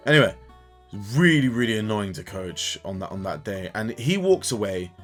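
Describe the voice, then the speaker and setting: A young man in casual gaming commentary, an animated storyteller who swears and keeps tagging "right?" as he vents about coaching. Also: on the low side, normal speed, faint music behind. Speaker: gaming YouTuber and kids' sports coach. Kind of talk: casual ranting commentary over gameplay.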